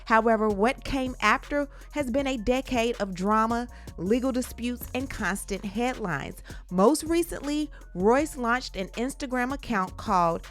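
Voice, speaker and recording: A woman hosting a gossip channel, reading scripted narration in a smooth, even newsreader delivery. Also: a little high, a little slow, hardly any pauses, soft background music.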